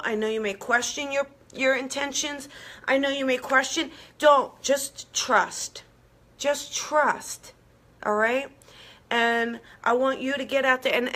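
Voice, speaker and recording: A woman's voice: a little high, a bit bright. A woman hosting a live online talk, speaking earnestly and encouragingly straight to her viewers and checking in with them again and again. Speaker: host. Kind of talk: live-streamed motivational talk.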